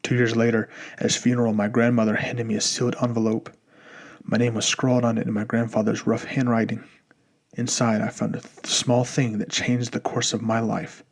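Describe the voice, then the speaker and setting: A man narrates an audiobook, telling the story in a measured, even manner. His voice is mid-range with some vocal fry.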